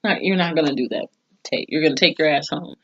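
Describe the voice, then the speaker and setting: Woman recapping TV, low voice, profane and chatty, dull lo-fi recording. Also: fast. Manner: profane, chatty retelling with slang. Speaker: TV episode reviewer. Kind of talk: casual spoken recap.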